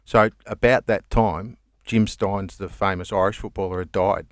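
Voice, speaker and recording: An Australian man with a low, grounded voice spins long, rambling comedy stories, laughing easily and swearing without fuss. The sound is dry and close to the mic. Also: steady tone, normal speed, no echo. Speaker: comedian guest. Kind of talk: casual storytelling chat.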